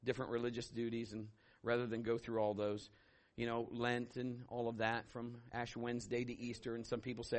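A middle-aged man preaching a sermon as pastor, telling stories and acting out voices with sudden loud bursts. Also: medium pitch, completely flat delivery, normal speed, hardly any pauses.

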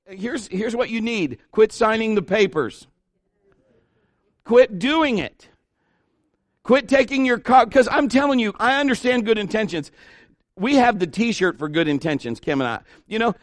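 A middle-aged pastor preaching an animated sermon, acting out the people he quotes. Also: high-pitched, moderate pace, no room sound, clean studio sound.

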